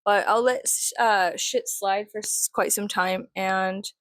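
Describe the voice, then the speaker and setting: A woman vlogging casually while doing her makeup, rambling and swearing, sometimes dropping to a soft whisper. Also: medium pitch, steady tone, slow, no room sound.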